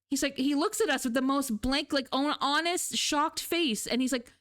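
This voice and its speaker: A young woman streaming and chatting casually with her viewers, her fairly high voice swooping up and down as she tells stories. She laughs often and keeps an animated, conversational tone. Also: moderate pace. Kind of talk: casual chat with live chat.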